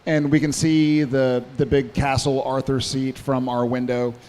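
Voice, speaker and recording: A man on a convention panel telling a rambling, animated story, with restarts and swearing. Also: mid-range voice, a little slow, big-room sound. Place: convention hall stage.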